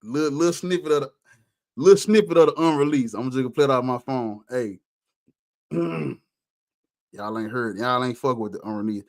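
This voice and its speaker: A man's voice: medium pitch, fast talker, a little mellow, no echo, studio quality. A rapper talking bluntly and profanely over his own beat, picking apart the flow of his verses. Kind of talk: casual commentary over his music. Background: faint hip hop beat.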